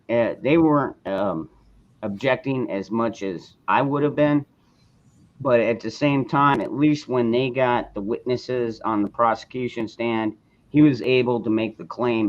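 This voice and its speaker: A man's voice: mid-range voice, unhurried. A man hosting a casual live chat forum, talking bluntly and rambling, with frequent swearing. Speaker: host of a call-in forum. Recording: dull lo-fi sound.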